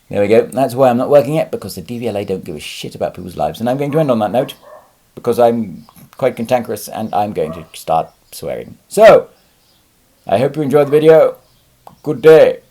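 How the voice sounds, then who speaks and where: A man's voice: fairly low pitch, gravelly, warm tone. A man talking casually to camera as a lorry driver vlogger, rambling with fillers and restarts and swearing freely when he gets angry. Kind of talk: casual vlog monologue.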